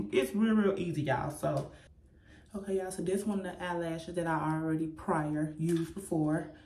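A young adult woman talking to her viewers in a casual makeup tutorial, chatty and laughing often. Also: lowish voice. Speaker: vlogger. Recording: echoey room, faint noise.

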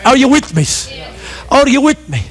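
A middle-aged pastor with a notably high voice delivers a fervent sermon. He calls on the congregation to answer back and repeats key phrases, climbing into shouts. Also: sing-song, normal speed. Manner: impassioned preaching with call-and-response.

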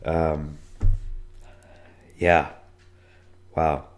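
A man in his twenties hosting a solo podcast, hoarse from being sick, telling a rambling, profane story. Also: flat delivery, drawn-out words, soft background music. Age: 20s. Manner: voice cracks and breaks on high notes. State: hoarse, losing his voice from illness. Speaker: podcast host. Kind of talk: casual solo podcast monologue.

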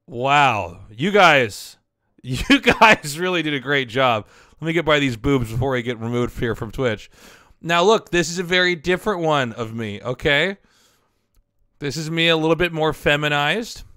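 A man in his thirties talks through fan drawings on a headset, laughing at them and swearing now and then. His voice is bright and clean, and his delivery is slow and unhurried. The sound is close and dry, with no room around it. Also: a little high, expressive, no echo. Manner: laughs often, amused asides, swears. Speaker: streamer reviewing fan drawings. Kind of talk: casual stream commentary.

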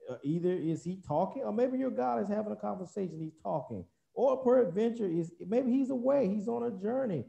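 Sarcastic prophet egging rivals on, a male preacher acting it out, pitched up high, mellow timbre. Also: a little fast, vocal fry, hardly any pauses, heavily acted. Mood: mocking. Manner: taunting, sarcastic, animated. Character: mocking prophet taunting rivals, male adult.

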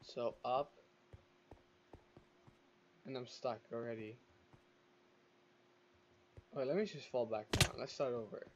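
A man's voice: medium pitch, steady tone, slow, pauses often, a bit bright, dull audio, slight background noise. A man giving casual gameplay commentary, chatty, talking back to the game's creatures and laughing now and then. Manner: chatty, talks to the game's mobs, exclaims and laughs.

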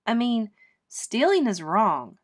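A woman's voice: fairly high pitch, sing-song, slow pace, heavily acted. Woman doing a haughty rich little girl. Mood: defensive. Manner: accusing, self-righteous.

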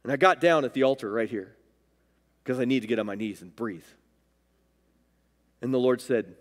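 A man's voice: mid-range voice, normal speed, pauses often. A male pastor preaching a sermon, emphatic, swinging his voice up and down for stress, recorded in a church sanctuary. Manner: emphatic, rising and dropping for stress. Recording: long reverb of a church hall.

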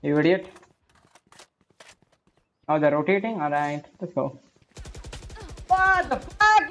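A young woman, live-streaming games and chatting casually, excitable and swearing at the game. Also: a little high. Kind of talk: casual live-stream chat while gaming.

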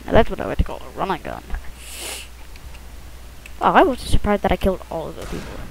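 A casual first-time gamer rambles through their own match, with muttered asides and self-conscious apologies. The voice has a gravelly fry, and the lips sit close enough to bump the mic. A clear hiss of noise runs under this home recording. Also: mid-range voice, wildly swooping pitch, fairly quick, rough recording. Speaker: gamer commentating own play. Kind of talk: casual gameplay commentary.

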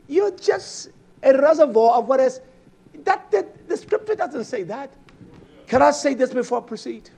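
A man preaching a sermon, emphatic, swinging between loud bursts and low murmurs and asking his listeners direct questions. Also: sing-song, normal speed. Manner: addresses congregation directly with questions.

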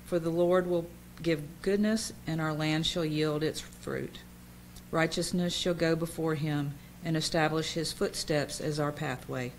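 A woman with a very low voice reads psalms in a steady liturgical way. A faint hiss sits under the church recording. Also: a little slow, rough recording. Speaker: reader.

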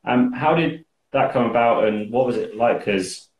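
A man hosting an interview, asking questions in a relaxed, rambling way. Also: mid-range voice, moderate pace, muffled recording. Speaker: podcast host. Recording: echoey room.

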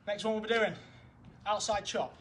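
At a moderate pace, a high-voiced young football coach leads a garden session outside, clearly out of breath. He counts down each drill and keeps encouraging, and the camera mic picks up a faint outdoor hum.

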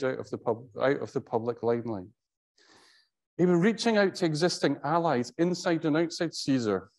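Offering a tribute through wry anecdotes, a middle-aged professor speaks conversationally, hesitating and restarting often. He has a darkish, mid-range voice.

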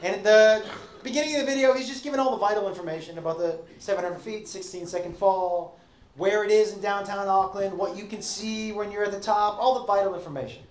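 Animated American comedian on a roomy stage. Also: male voice, sits high, fast talker. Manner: animated storyteller, acting out quotes with shouts and shrieks. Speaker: stand-up comedian. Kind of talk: stand-up storytelling. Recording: roomy club sound with audience.

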